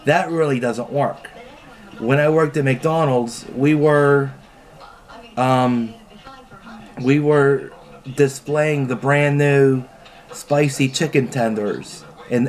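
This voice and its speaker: A man speaks in an easygoing, plain-spoken way, with the odd swear, while his mouth burns from spicy food. He keeps a steady middle pitch and a relaxed, casual tone throughout. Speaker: vlogger tasting food on camera. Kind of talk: casual food challenge chat.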